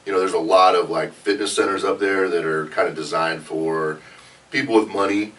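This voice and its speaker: A man's voice: deep voice, steady tone, moderate pace, fairly bright tone, far from the mic. A man, a powerlifter, chatting casually on a podcast in an easygoing way that trails off with fillers. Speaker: powerlifter guest.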